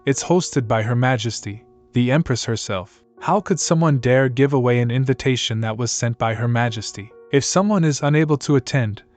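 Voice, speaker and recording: A man's voice: medium pitch, normal speed, few pauses, darkish tone, soft background music, lightly acted. A man voicing a proud young count anxious about his status, with a tense, fretful delivery in a storybook recap. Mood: reproachful.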